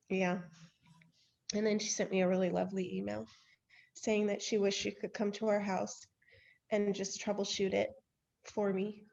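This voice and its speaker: A woman in her thirties co-hosts a casual podcast and tells stories candidly, poking fun at herself and sighing or laughing between phrases. Her voice sits at an everyday pitch and comes through a slightly dull, lo-fi video-call line. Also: little pitch movement, normal speed, creaky, long pauses, darkish tone. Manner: candid, self-deprecating storyteller who laughs and sighs often. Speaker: podcast co-host. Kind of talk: casual chat.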